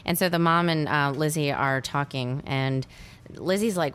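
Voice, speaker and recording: Low-voiced woman recapping a movie. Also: normal speed, fairly bright tone, clean tone. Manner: rambling, with many fillers. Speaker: podcast co-host.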